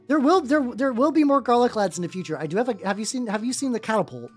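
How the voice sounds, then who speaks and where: High-voiced man with a lively, rambling delivery. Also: fast. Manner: rambling, lots of fillers and restarts, casual swearing; chats with viewers while working. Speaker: streamer painting miniatures. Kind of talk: casual livestream chat while painting. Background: faint background music.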